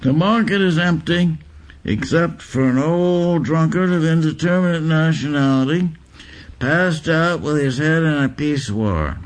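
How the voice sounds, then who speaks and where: A man reading literary prose aloud in a deliberate, deadpan recital. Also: on the high side. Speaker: reader.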